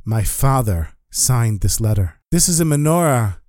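A grieving older war survivor, as a male storyteller puts him on, emotional and urgent. The voice is mid-pitched and sounds close and dry. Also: expressive, moderate pace, a little mellow, no echo, close to an everyday voice.

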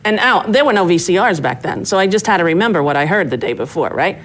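Animated middle-aged woman storyteller. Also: fast talker, rough recording. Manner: animated, acts out quotes with big pitch jumps. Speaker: comedian guest. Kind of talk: casual storytelling interview.

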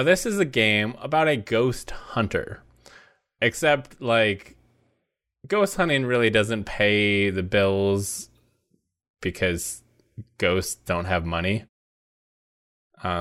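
A man co-hosting a comedy podcast, with a dry, unhurried, mock-corporate delivery. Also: on the low side, a bit bright. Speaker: podcast co-host. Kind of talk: deadpan comedic podcast banter.

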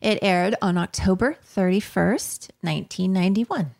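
A woman with a gravelly edge to her mid-pitched voice chats casually as a podcast co-host. She talks over a video call, quick with asides and laughs. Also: darkish tone. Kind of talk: casual chat.

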